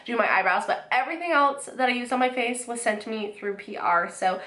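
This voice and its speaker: A woman's voice: fairly high pitch, fairly quick, bright, forceful tone, reverberant. A young woman with a stuffy, nasal voice from a cold, chatting casually through a makeup tutorial with lots of restarts. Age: young adult. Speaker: beauty vlogger.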